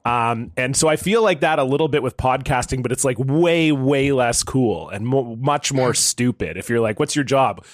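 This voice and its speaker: A man's voice: medium pitch, moderate pace, few pauses, no echo, studio quality. A Canadian man from Ontario co-hosting a podcast, chatting casually and rambling with fillers. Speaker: podcast co-host. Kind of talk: casual chat.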